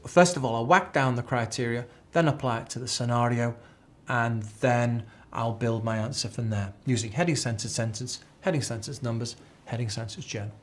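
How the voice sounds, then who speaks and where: A man's voice: medium pitch, normal speed. A man teaching an accounting exam class, chatty and repeating key phrases as a drill. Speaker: accounting tutor. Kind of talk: live exam tuition lecture.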